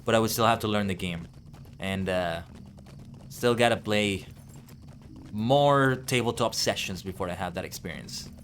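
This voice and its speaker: A man's voice: fairly low pitch, moderate pace, long pauses, fairly bright tone, slight background noise. A man with a non-native accent musing aloud in casual live-stream chat while playing a game. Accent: non-native English accent. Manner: thinks aloud, rambling and musing. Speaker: VTuber streamer.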